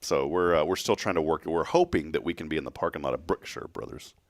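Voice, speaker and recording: A man's voice: a bass voice, fast, no echo, clean studio sound. A man hosting a local morning talk show, rambling casually and joking with his co-host. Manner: rambling, jokey, playful.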